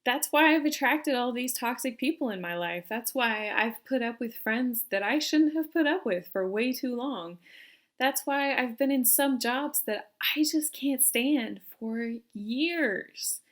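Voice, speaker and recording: A woman's voice: fairly high pitch, animated, unhurried. A young woman coaching viewers in a self-help video, talking earnestly and asking them questions. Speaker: personality coach. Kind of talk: direct-to-camera self-help talk.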